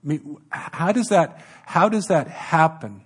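A man's voice: fairly high pitch, expressive, unhurried, breathy edge. A man preaching a sermon to his congregation, emphatic and fond of repeating key phrases, briefly acting out the lines of the people in his story. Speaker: pastor.

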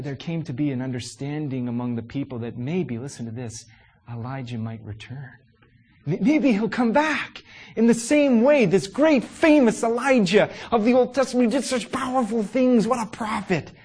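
A man preaching a sermon to his congregation. He is animated and emphatic, asks many rhetorical questions, and often pauses on "uh" fillers. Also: high voice, husky.

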